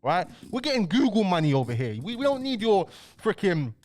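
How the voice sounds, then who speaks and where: A man's voice: high voice, big pitch swings, a little fast, darkish tone. A man delivering heated, slangy commentary as a YouTube host. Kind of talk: ranting commentary.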